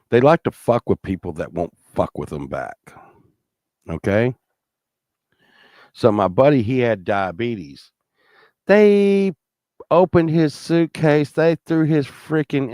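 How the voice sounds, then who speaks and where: A man's voice: medium pitch, very animated, takes it slowly, long pauses, darkish tone, dry recording, studio quality. A man telling a rambling, profane story in casual chat, full of restarts and acted-out lines from other people.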